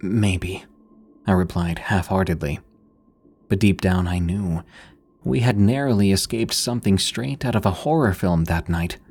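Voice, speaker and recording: A man reading a scripted horror story in a measured, suspenseful way. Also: on the low side, gravelly, darkish tone, husky, faint music behind.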